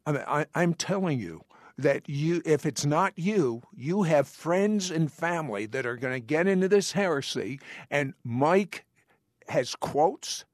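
A man hosting an interview, earnest and halting, his voice a touch high. The recording is close and dry. He often breaks in and restarts his sentences. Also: expressive, dry recording. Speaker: TV show host. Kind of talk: interview talk.

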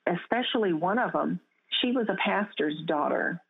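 A woman's voice: fairly low pitch, lively intonation, normal speed, creaky, breathy edge. Earnest woman, tinny phone line. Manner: earnest storytelling with frequent restarts. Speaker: guest. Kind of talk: testimony in an interview.

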